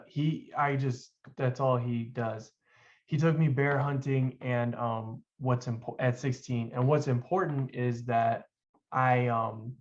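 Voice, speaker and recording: A young man, a podcast guest, telling his life story casually with loose, halting phrasing and many fillers. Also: mid-range voice. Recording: dull lo-fi sound.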